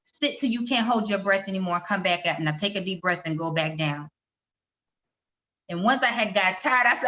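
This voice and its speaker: Bright-voiced woman telling her story. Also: medium pitch, moderate pace. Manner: animated, acts out quoted voices. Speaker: guest. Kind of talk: personal storytelling in conversation.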